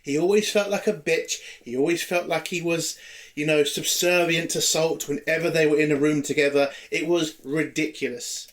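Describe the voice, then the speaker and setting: A man's voice: fairly high pitch, fairly even intonation, moderate pace. A man from the UK giving a ranting TV episode review, exasperated and heavily profane throughout.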